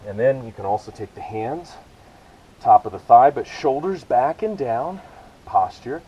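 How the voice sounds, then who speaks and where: A man leads a yoga session with a mellow, warm tone, giving calm, encouraging cues and easygoing asides. The sound is a little dull, with faint hiss behind him. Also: medium pitch, measured pace. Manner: relaxed, encouraging cueing with self-aware asides. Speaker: yoga instructor. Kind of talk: guided yoga class cues. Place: outdoors with rain and hummingbirds about.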